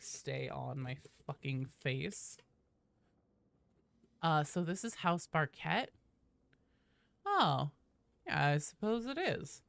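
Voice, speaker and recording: A woman's voice: low voice, creaky, dry recording. A woman streaming a game and chatting loosely with her viewers, swearing often. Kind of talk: casual live-stream chat.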